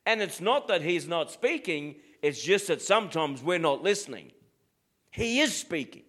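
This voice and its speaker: Man, Australian accent, pastor, sermon, direct, higher pitched voice. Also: very animated, moderate pace, fairly bright tone. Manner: plain-spoken, direct preaching.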